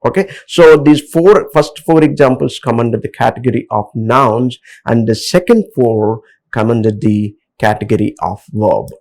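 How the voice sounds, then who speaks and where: A man's voice: mid-range voice, moderate pace, gravelly, darkish tone, low-quality recording. Hesitant man lecturing on word stress. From India. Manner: hesitant, many fillers, explains over slides. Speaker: English lecturer.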